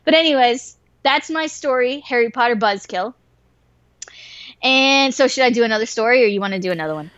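Woman storyteller, high voice, animated and swearing, dull dry lo-fi sound. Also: fairly quick, dry recording. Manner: animated, profane, full of 'like' and 'right?'. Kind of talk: casual storytelling.

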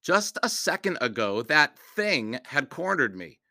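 A man reading a children's novel aloud as a measured storyteller. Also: fairly high pitch, big pitch swings, pushed and bright, no echo, clean studio sound. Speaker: audiobook reader.

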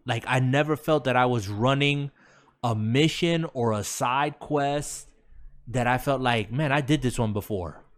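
A man's voice: medium pitch, measured pace. A man co-hosting a gaming podcast, chatting casually and repeating words for emphasis. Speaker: podcast co-host. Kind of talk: casual chat.

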